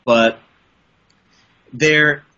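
This middle-aged podcast guest from the Midwest, a voice and audio producer, chats casually and enthusiastically, restarting often. His fairly high voice is steady, very slow, pushed and bright, in a muffled recording.

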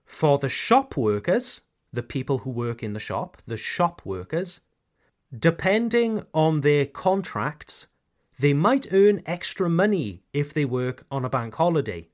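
Slow, lively male teacher. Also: a little high. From United Kingdom. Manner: slow, clear, repeats key phrases, addresses "dear listeners". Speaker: English teacher, podcast host. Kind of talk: podcast language lesson.

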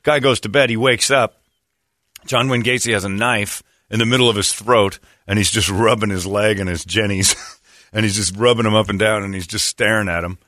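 Forceful-voiced storytelling man. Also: fairly quick, no room sound, clean studio sound. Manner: animated, jumps into high mocking shouts. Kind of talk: comedic storytelling.

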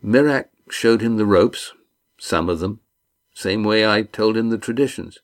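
A man's voice: fairly low pitch, unhurried, pitched above the performer's own voice, natural voice. A man voicing a whiny, defeated sailor. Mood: miserable. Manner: whiny, pleading. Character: bitter, scheming young sailor, beaten down.

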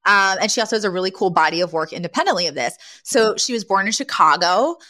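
Lively woman co-hosting a chat. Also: mid-range voice, fast talker. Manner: animated, acts out scenes with laughter. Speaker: podcast co-host. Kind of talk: casual recap chat.

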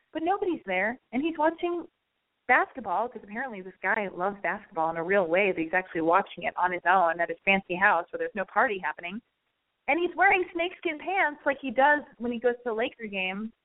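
A woman telling a casual, exasperated story to her listeners, acting out the quotes as she goes. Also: mid-range voice. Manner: animated, exasperated, acts out quotes; chatty, addresses listeners directly. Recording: tinny phone-like line.

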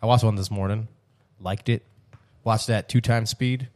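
Low-voiced guy cursing casually on a podcast. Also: moderate pace. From Florida, United States. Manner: profane, relaxed bro talk. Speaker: band member, podcast guest.

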